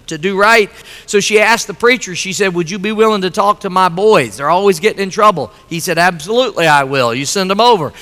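Middle-aged male pastor, sermon delivery, high bright voice, echo of a church hall. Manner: emphatic, repeating lines, telling a joke story. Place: church sanctuary.

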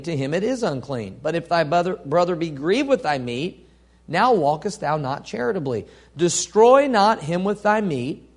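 A man preaching a sermon, reading scripture aloud and asking the congregation questions, swinging from soft to loud. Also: high voice. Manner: reads scripture aloud, asks the congregation call-and-response questions.

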